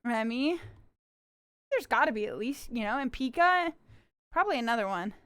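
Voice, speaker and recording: A woman's voice: a little high, lively intonation, normal speed, a bit bright, clear, resonant tone, dry recording. A giggly, bubbly young woman from Canada, chatting casually with her viewers on a livestream.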